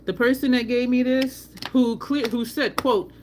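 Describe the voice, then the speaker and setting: A woman's voice: on the high side, steady tone, a little slow, a little hiss or hum. A middle-aged woman from New Jersey with a New Jersey accent, hosting a makeup livestream in a blunt, candid and profane casual chat. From New Jersey, USA. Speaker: makeup channel host.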